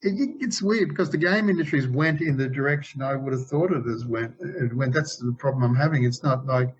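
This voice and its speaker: Man, 60s, interview guest, rambling storyteller with many restarts, middling pitch, dull video-call audio. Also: a little fast, a little hiss or hum. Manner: rambling, frequent restarts and self-corrections. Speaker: game developer guest.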